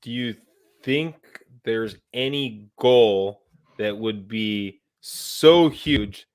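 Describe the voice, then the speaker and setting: A man's voice: on the low side, drawn-out words, smooth. A man hosting a podcast, asking thoughtful, hesitant questions with restarts. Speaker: podcast host. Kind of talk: interview questions.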